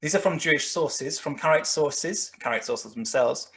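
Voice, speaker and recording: A man's voice: fairly high pitch, moderate pace, a loud crowd. A man lecturing on history over slides, with many fillers and restarts as he talks. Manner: rambling, frequent restarts and fillers. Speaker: guest lecturer.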